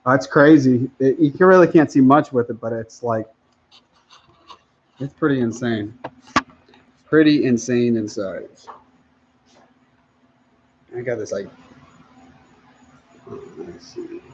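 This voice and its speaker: A man's voice: medium pitch, slow pace, pauses often, slight background noise. Chill guy reading out viewer comments on a stream, laughs a lot, kinda muffled audio. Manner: relaxed, laughs often, trails off mid-sentence. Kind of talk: casual livestream chat.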